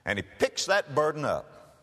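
A man preaching a sermon, telling a story dramatically and swinging between loud and hushed. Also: fairly high pitch, very animated, moderate pace, big-room sound.

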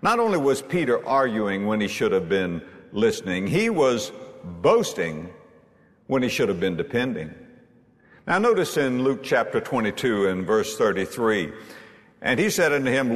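A man's voice: lowish voice, big pitch swings, moderate pace. A man preaching a sermon with emphasis, repeating key lines and reading scripture aloud. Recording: long hall reverb.

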